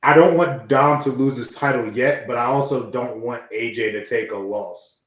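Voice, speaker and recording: A man chats casually as a podcast co-host and jumps into quick acted-out lines. His voice sits at a middle pitch. The room gives it a noticeable echo. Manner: animated, acts out wrestlers in quick voices. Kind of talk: casual wrestling chat.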